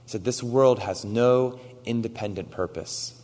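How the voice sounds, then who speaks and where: A man's voice: mid-range voice, measured pace, a little mellow. A man preaching a sermon, telling a story with quoted dialogue and building to emphatic exhortation. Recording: long hall reverb.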